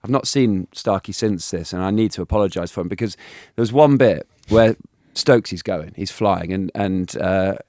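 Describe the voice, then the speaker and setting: A man in his thirties telling animated stories as an interview guest, laughing and restarting often. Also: low voice, normal speed, hardly any pauses, dry recording, clean studio sound. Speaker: guest, former cricketer. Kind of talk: casual storytelling interview.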